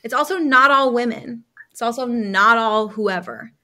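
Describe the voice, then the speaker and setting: A woman, a healing coach, telling a personal story as a podcast guest, lively, acting out other people's lines and using many casual fillers. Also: a little high, normal speed.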